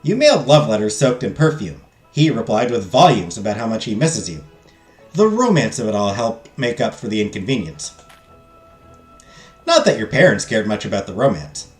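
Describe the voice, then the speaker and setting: Animated man reading a text game. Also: fairly low pitch, normal speed. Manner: jokey, self-deprecating asides between narration. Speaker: streamer playing a text game. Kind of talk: let's play, reading game text and chatting with viewers. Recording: roomy echo, faint game music.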